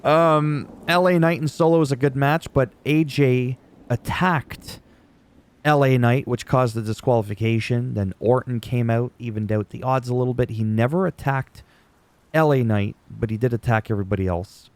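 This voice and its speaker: A man's voice: mid-range voice, moderate pace. A middle-aged man hosting a casual wrestling recap, rambling and chatty, joking at his own expense. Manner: rambling, chatty, laughs at himself.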